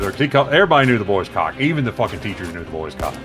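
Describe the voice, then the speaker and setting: A man's voice: lowish voice, big pitch swings, rapid-fire. A man telling a profane story casually while streaming a game, acting out the voices of the people he quotes. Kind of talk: casual storytelling over gameplay. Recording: loud background music.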